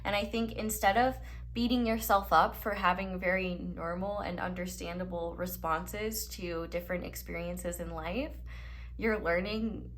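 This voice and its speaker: A young woman sits and reads tarot cards for her viewers in an easygoing, encouraging way. Her voice sits a little low for a woman, and she talks loosely with lots of fillers and restarts. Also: slight background noise. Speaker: tarot reader. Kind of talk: casual tarot reading to camera.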